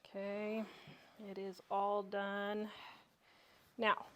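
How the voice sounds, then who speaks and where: A woman's voice: mid-range voice, monotone, drawn-out words, fairly bright tone, a little hiss or hum. A middle-aged woman hosting a casual home cooking demonstration, chatty and homey, gushing over the food in her kitchen. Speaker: cooking show host.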